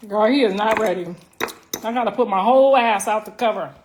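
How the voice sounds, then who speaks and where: A woman hosting a casual livestream, telling loud, laughing, slangy stories. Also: mid-range voice, a little fast, slight background noise. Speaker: livestream host. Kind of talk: casual live-stream chat.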